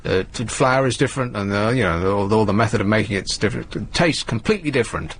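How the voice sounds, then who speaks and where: A man's voice: fairly low pitch, quick pace, husky. A man from England hosting a radio show, telling rambling, jokey stories in casual chat. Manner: rambling, jokey, animated storytelling. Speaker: radio host.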